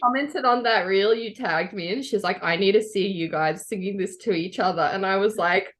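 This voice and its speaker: A woman's voice: mid-range voice, moderate pace. A woman co-hosting a podcast in casual chat, teasing her friend and laughing often. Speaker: podcast co-host.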